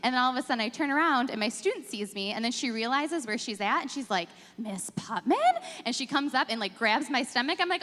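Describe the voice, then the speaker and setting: A woman's voice: high voice, sing-song, a little fast, bright, forceful tone, in a large hall. A woman who teaches kindergarten, telling a funny story on a church panel with laughter.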